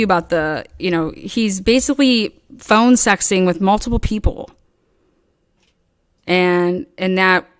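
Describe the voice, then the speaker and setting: A woman casually recounting online drama in a rambling, profane way, acting out quoted lines in animated bursts. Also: medium pitch, clear, resonant tone, no echo, clean studio sound. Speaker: online commentator.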